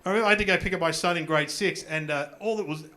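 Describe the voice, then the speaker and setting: A man's voice: on the high side, rapid-fire, sharp tone. A middle-aged Australian man doing stand-up comedy, telling rambling, self-mocking stories on a club stage with a handheld mic. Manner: rambling, self-mocking storytelling with acted-out voices. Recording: live comedy club with audience laughter.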